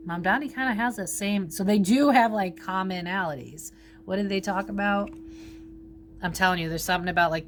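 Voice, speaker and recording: A woman's voice: on the low side, fairly bright tone, slight background noise. A woman giving a casual psychic reading, rambling, full of fillers and casual swearing. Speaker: psychic reader.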